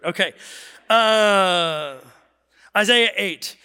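A pastor preaches to his congregation in a high, bright voice that rings with tension, his words trailing into the long reverb of a church hall. He talks loosely and wanders off on asides, then climbs into sudden forceful emphasis. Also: expressive, slow, gravelly. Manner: conversational and digressive, with sudden emphatic rises. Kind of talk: sermon. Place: church sanctuary.

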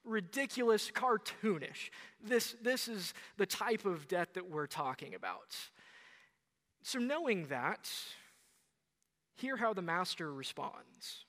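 A young man in his twenties preaching a sermon in a conversational, animated way. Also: high voice, takes it slowly, in a large hall. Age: 20s.

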